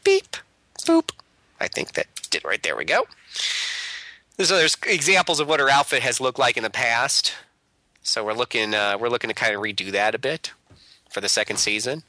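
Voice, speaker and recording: A man co-hosting a casual podcast, rambling along with lots of filler pauses. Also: mid-range voice, animated, sharp tone, no echo. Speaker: podcast co-host. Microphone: remote call.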